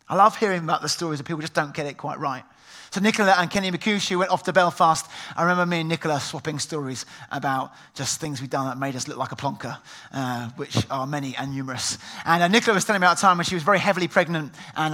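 A man's voice: a little high, bright, forceful tone. A middle-aged man preaching a sermon, telling stories and acting out the voices of the people in them. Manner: storytelling, acts out quoted voices. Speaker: pastor.

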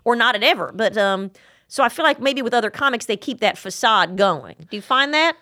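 A woman hosting a casual podcast chat, talking fast in a bright, lively voice. She is blunt and teasing and swears freely. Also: a little high. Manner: lively, quick talker with many fillers. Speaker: podcast host.

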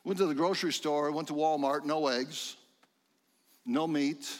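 Fervent preacher man, high voice, reverberant. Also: a little slow. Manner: fervent, rising to excited exclamations. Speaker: pastor. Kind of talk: sermon. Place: church sanctuary.

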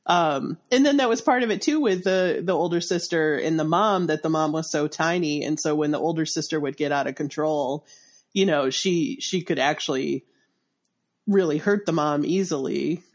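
A congested woman co-hosts a casual podcast discussing a short story, speaking into a close boom mic at a moderate pace. She has a slight lisp with spitty sibilants, and she's chatty, laughs often, and restarts a lot.

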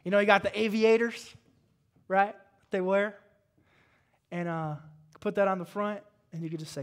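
A man preaching a sermon in a casual, conversational way. He asks the congregation questions and swings from hushed prayer to loud exhortation. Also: high voice, steady tone, normal speed, pauses often. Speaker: pastor.

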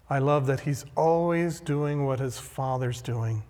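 A male pastor preaching a sermon, emphatic and deliberate, repeating key phrases. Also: mid-range voice, darkish tone. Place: church sanctuary. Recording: long hall reverb.

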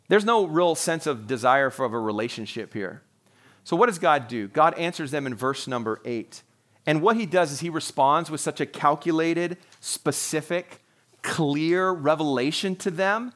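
Pastor in his forties, higher-pitched male voice, earnest and conversational sermon delivery. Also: animated, moderate pace, fairly bright tone. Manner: earnest, conversational preaching with restarts.

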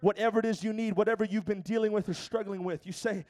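A male pastor preaching a sermon, rising from quieter asides to shouted exhortations. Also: high voice, steady tone, fast talker.

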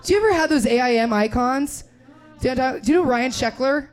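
A woman's voice: high-pitched, expressive, fairly quick. A young woman from Indiana doing crude, laughing stand-up, riffing with the audience on a club stage. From Indiana, USA. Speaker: stand-up comedian. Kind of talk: crowd-work stand-up. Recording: live club with crowd laughter.

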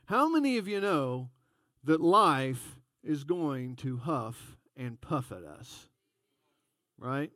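A man's voice: a little high, dry recording, clean studio sound. A man preaching a sermon in a folksy, conversational storytelling way. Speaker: pastor.

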